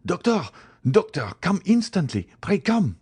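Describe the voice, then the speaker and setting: A man voicing a stern middle-aged magistrate in an audiobook, shouting frantically for a doctor. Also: high-pitched, very animated, unhurried, husky, pitched above the performer's own voice, heavily acted. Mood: panicked.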